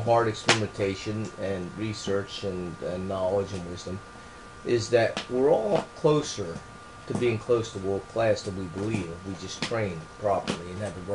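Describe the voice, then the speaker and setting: Earnest rambling man, soft then emphatic. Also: lowish voice, a little hiss or hum, low-quality recording. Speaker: author explaining his training book. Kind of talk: casual unscripted explanation.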